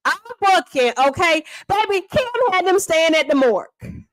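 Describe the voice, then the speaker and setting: A woman's voice: extremely high pitch, sing-song, normal speed, no echo. A woman hosting a live stream, retelling events with theatrical flair and calling her viewers honey and baby. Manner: dramatic, theatrical, calls listeners honey and baby. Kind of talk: animated storytelling commentary.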